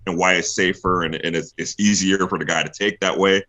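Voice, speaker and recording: Brief: young man, low and forceful voice, animated storyteller who acts out the other people in his stories. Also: fairly quick. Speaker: guest, pro wrestler. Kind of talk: casual interview storytelling.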